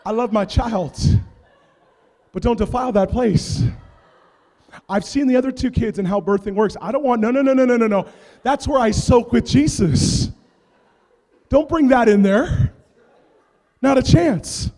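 A man with a fairly high voice preaches in a big hall, and his words ring out with a long echo. He tells his story with comic energy, going from quiet asides to loud bursts. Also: measured pace, pauses often. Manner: animated comic storytelling, big swings in loudness. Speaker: pastor. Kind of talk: sermon. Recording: long reverb of a large hall.

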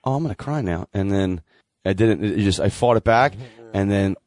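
A man guesting on a casual podcast, telling stories with an animated, teasing manner. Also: moderate pace. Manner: animated storyteller, jumps in pitch when joking.

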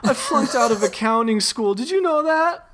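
A shrill, whiny tree blob monster wails and rants in a strained, very high voice. Its pitch leaps all over the place. It is a pathetic, weepy creature from a comic interactive story. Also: male voice, expressive, normal speed, fairly bright tone. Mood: sobbing. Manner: shrill, screaming and sobbing, whiny.

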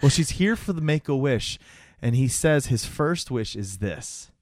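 A man's voice: medium pitch, a little slow, no room sound. Man co-host, loose and profane, dry close sound, recounts scenes eagerly. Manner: loose, profane, animated storytelling. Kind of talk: casual chat.

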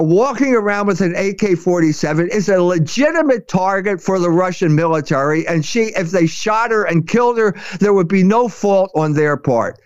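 A man with a high voice for a man pours out passionate commentary, stumbling and restarting as he goes. The sound is dry and close, with no room around it. The recording is a little dull and muffled. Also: smooth, no echo. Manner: impassioned, halting, many restarts. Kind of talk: opinionated commentary chat.

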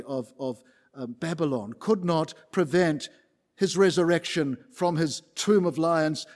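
Male preacher, high voice, emphatic sermon delivery, stacks repeated phrases. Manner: emphatic, builds rhetorical lists. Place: church building.

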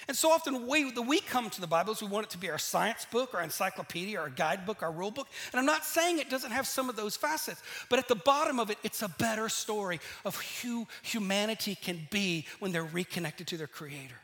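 High, bright-voiced male preacher. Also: fairly quick, few pauses. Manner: lively storyteller, asks the listeners questions. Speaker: pastor. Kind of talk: sermon with scripture reading.

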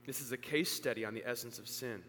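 Earnest preacher in a reverberant hall. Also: male voice, quick pace, a bit bright. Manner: earnest, building to emphatic peaks, then dropping low. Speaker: pastor. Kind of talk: sermon. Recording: long hall reverb, faint hum.

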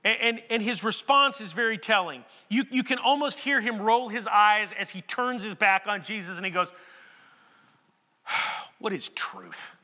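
A male pastor preaches in a chatty, conversational way that swells into emphatic shouts. His voice is very high and sharply bright. It is recorded in a large hall with a long, ringing reverb. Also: normal speed, few pauses. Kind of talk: sermon.

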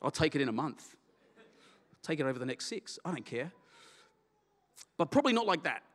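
A middle-aged pastor tells his own story in an animated, candid, self-deprecating way. His voice sits a little high for a man. A long reverb trails after him, as in a big church hall. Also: normal speed. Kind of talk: personal testimony sermon.

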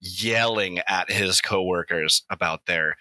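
A man with a fairly low but very bright, sharp voice, improvising a crude comic story on a podcast. He rambles and swears freely. The sound is close-miked and dry. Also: slow pace, no echo.

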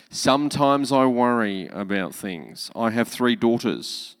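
A man's voice: medium pitch, animated, takes it slowly, smooth, big-room sound. A man preaching a sermon as pastor, emphatic, repeating key lines with joking asides.

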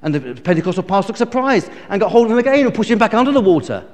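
Preacher with a long church echo. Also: male voice, sits high, big pitch swings, very fast, darkish tone. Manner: storytelling, emphatic, self-correcting. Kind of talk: sermon.

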